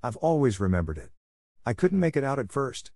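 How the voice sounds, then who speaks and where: A man's voice: medium pitch, sing-song, brisk, a little mellow, no echo, clean studio sound, pitched above the performer's own voice. A man voicing a good-natured working-class baker woman who talks in a homely, chatty, ungrammatical way. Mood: warm.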